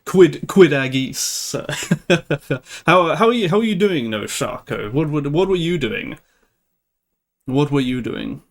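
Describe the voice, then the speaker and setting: A man's voice: a little high, very animated, slow pace, vocal fry, long pauses. A young man hosting a live stream, chatting casually with viewers, laughing often and restarting his sentences. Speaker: livestream host.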